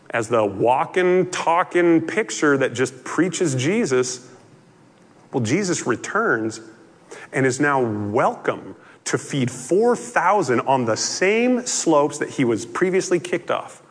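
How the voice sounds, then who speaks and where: A man preaching slowly, his pitch swinging widely as he acts out the story. His voice is a bit husky and rings out with a long reverb in a large hall. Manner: animated storytelling, conversational asides. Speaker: pastor. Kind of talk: sermon.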